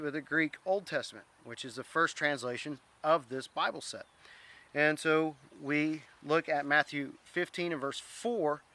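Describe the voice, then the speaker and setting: A man's voice: fairly high pitch, pushed and bright. A man teaching an informal Bible word study, earnest, reading scripture aloud and stumbling over Greek words.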